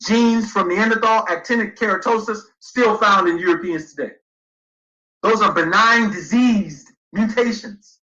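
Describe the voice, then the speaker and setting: A man's voice: high-pitched, measured pace, pushed and bright, roomy sound, highs cut off. A man speaking emphatically on a livestream, arguing his points and reading passages aloud to back them up. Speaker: guest speaker. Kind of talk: livestream debate lecture.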